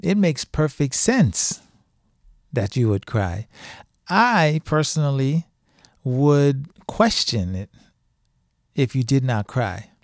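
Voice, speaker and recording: A man's voice: mid-range voice, big pitch swings, takes it slowly, pauses often, no room sound, clean studio sound. A middle-aged man speaking in a casual, emphatic monologue, repeating phrases for stress as a podcast host.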